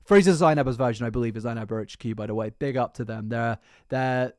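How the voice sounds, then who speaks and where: A woman's voice: extremely low pitch, fast talker, dry recording, clean studio sound. A woman from Britain, live streaming and ranting casually to chat, swearing freely. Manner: animated, swears a lot, reacts to chat.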